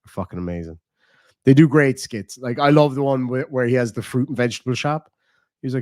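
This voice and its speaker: A man's voice: mid-range voice, fast, a little mellow, no room sound. An Irish man chatting casually to his viewers in a rambling, laid-back way, swearing freely. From Ireland. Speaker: reaction streamer.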